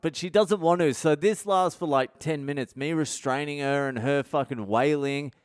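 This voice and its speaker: A man's voice: on the high side, moderate pace, clear, resonant tone, no room sound. Aussie guy rambling a funny story on his podcast, swears constantly, clean resonant voice. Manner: heavy swearing, rambling and candid. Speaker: podcast host. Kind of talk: comedic storytelling monologue.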